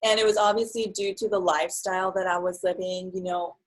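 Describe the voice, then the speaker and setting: A young woman in casual conversation, telling her story in an animated way and acting out what others said. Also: lowish voice, a little fast, low-quality recording. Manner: animated storyteller, acts out quotes. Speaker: guest.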